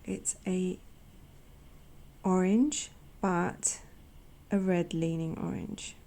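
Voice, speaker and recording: A woman narrates her painting in an unhurried, casual way. Her voice is mellow, with a gravelly edge, and she often eases into a soft half-whisper. She adds little self-deprecating remarks as she goes. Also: lowish voice, fairly even intonation. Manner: gentle and chatty, drops to a soft near-whisper. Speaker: watercolor artist and channel host.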